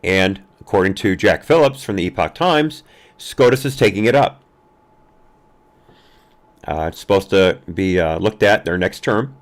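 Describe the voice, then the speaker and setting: A man's voice: sits low, lively intonation. A man hosting a live-streamed news commentary show, talking casually with frequent fillers and restarts. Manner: halting, many fillers and restarts.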